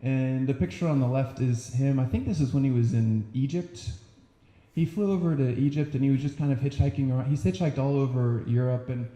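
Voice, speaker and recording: A young man giving an earnest, animated faith talk to an audience, often acting out quotes. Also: mid-range voice, a little fast, roomy sound. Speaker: speaker.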